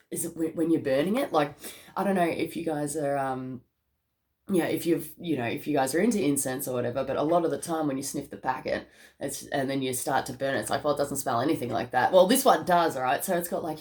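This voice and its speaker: Chatty Australian woman reading tarot. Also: on the low side. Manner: rambling, upbeat, laughs often, calls listeners mate. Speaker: tarot reader.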